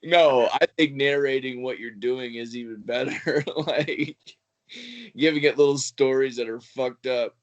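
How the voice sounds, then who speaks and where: A man's voice: medium pitch, fairly even intonation, measured pace, lo-fi sound. A young man co-hosting a casual comedy podcast, rambling and trailing off as he spins ideas. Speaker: podcast co-host.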